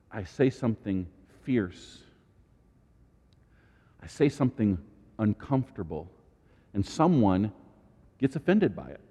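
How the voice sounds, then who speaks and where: A man preaching a sermon as pastor, animated, with dramatic asides and sudden high exclamations. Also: big-room sound.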